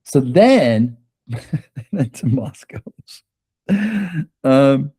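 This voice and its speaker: A man's voice: mid-range voice, very animated, drawn-out words, dark tone, breathy edge. A man guest on an interview podcast, telling a personal anecdote with frequent laughs and "right?" tags. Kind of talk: conversational storytelling interview.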